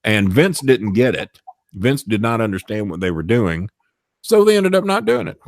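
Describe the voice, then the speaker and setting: Gruff low-voiced man telling stories. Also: big pitch swings, moderate pace, darkish tone. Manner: acts out quotes in shifting voices, swears often. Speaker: storyteller guest. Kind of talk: profane backstage storytelling.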